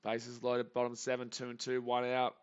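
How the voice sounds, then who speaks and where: A man hosting a live reaction stream, calling pitches anxiously and pleading over and over, tired from an early start. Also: monotone, normal speed, clear, resonant tone. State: tired, up early without coffee. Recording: dull lo-fi stream audio.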